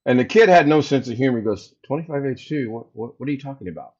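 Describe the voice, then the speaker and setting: A man's voice: medium pitch, quick pace. Man telling a story on a livestream, lo-fi. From United States. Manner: animated, acts out both sides of a phone call. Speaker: livestream host. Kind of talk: casual storytelling to live chat. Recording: slightly dull lo-fi sound.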